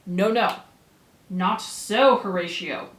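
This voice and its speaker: A woman's voice: mid-range voice, lively intonation, unhurried. Playful woman teacher, echoey room. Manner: chatty, playful asides to students. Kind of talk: casual grammar lesson.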